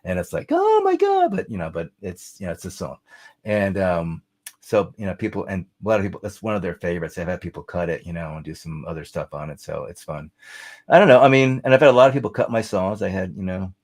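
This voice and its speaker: Man, deep voice, middle-aged, rambling storyteller, casual interview guest. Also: fairly even intonation, fast. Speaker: songwriter guest.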